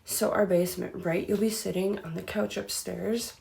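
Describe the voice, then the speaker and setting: A woman's voice: medium pitch, steady tone, normal speed, creaky, darkish tone, slight background noise. A woman hosting a spooky channel, chatting casually in a rambling way full of fillers, with an easy laugh. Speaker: host of a spooky story channel.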